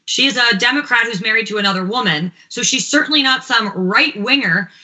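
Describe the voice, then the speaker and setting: A woman panelist on a talk show, assertive and opinionated, with quick asides. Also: fairly high pitch, sharp tone, poor audio. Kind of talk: casual panel chat.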